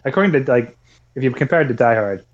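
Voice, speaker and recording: A man's voice: mid-range voice, animated, quick pace, dull audio, a little hiss or hum. Rambling, laughing man podcaster. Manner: rambling, swears a lot, laughs often. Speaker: podcast co-host. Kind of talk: casual movie podcast chat.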